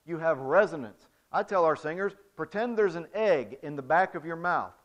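In a church sanctuary, a male music director gives the congregation a demonstrative spoken lesson on singing, swinging from soft to loud and using physical examples to make his points. His voice is a little high and expressive, at a moderate pace. The recording sounds dull and lo-fi.

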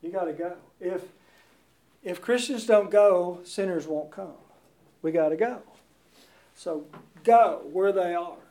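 A man's voice: sits high, slow pace, long pauses, mellow. A man preaching a sermon in a church, emphatic and repeating his key words, recorded from a distant mic in a roomy space.

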